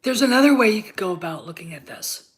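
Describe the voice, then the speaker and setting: A woman's voice: medium pitch, lively intonation, quick pace. A woman hosting her own channel, giving blunt, profane, heated opinion commentary with a congested voice while getting over covid. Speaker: channel host.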